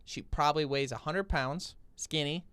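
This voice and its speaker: Smooth-voiced man telling a story. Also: on the high side, normal speed, no echo. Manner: animated storyteller, laughs often. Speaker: podcast host. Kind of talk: casual storytelling chat.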